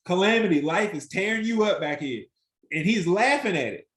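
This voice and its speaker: A man teaching an interactive Bible study, animated and emphatic, acting out the voices he quotes. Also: sits high, moderate pace, reverberant.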